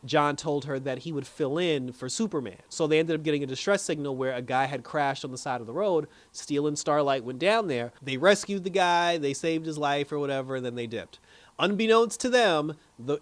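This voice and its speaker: A man giving a chatty, animated recap and review of a TV episode, often restarting his sentences. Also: mid-range voice.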